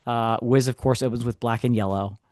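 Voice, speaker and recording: A man, co-hosting a podcast, telling a story in a casual, animated way with sarcastic asides. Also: medium pitch, a little fast, dry recording, studio quality. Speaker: podcast co-host. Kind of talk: casual chat.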